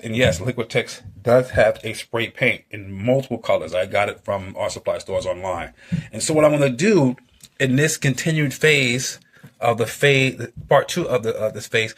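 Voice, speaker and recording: A man's voice: mid-range voice, normal speed. A man, an artist and model builder, chatting casually at home as he works, with lots of fillers and playful little sound effects.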